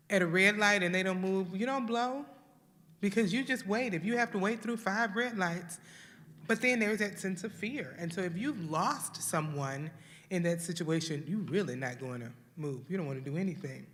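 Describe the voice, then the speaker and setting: A woman's voice: mid-range voice, moderate pace, fairly bright tone. Earnest woman teaching in a reverberant hall. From Houston, Texas. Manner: earnest, acts out grieving voices. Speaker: grief workshop leader. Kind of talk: church workshop teaching. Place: church hall.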